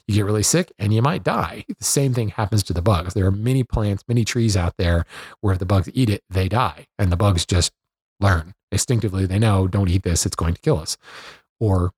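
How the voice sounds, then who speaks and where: Man, lowish voice, husky, casual woodworking lesson, dry close recording. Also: fairly quick, no room sound. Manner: relaxed, conversational, with fillers and self-corrections. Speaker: woodworking instructor. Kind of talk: unscripted explanatory lesson.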